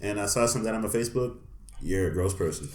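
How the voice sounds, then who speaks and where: A podcast co-host speaks in a lower-pitched voice, with indignant, sarcastic remarks. The room around him sounds echoey. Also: male voice, quick pace, a little mellow. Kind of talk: casual podcast chat.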